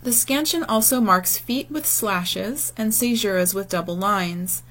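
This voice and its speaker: A woman speaks in a calm, measured lecturing voice as she walks through slides. She explains step by step and now and then pauses on a filler. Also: medium pitch. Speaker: teacher. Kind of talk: recorded lecture over slides.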